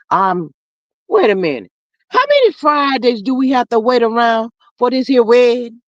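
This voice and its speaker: A woman's voice: a little high, sing-song, moderate pace, no room sound, highs cut off. A woman hosting a casual livestream, reading viewers' comments aloud and chatting with them affectionately, calling them honey and child. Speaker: livestream host reading chat.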